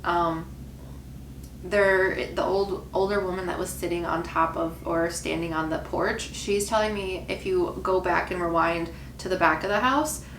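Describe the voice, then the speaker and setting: A woman's voice: on the low side, steady tone, a little slow, a bit bright. Musing woman medium in an echoey room. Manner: musing, hesitant, many fillers. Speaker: medium reacting to a video. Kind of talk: casual reaction commentary. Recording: echoey room with faint noise.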